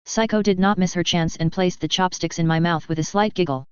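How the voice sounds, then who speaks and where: Smooth-voiced woman reading a story. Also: fairly low pitch, fairly even intonation, brisk, few pauses, no room sound. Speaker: narrator. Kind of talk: reading fan fiction aloud. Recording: dull lo-fi recording.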